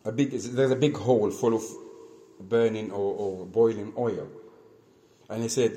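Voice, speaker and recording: A preacher tells a religious story in halting, conversational English, acting out the lines of each figure. His voice is dark and mellow. A faint hiss sits under it. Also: on the low side, steady tone. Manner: conversational, halting, many restarts, acts out dialogue. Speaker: Islamic preacher. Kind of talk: storytelling sermon.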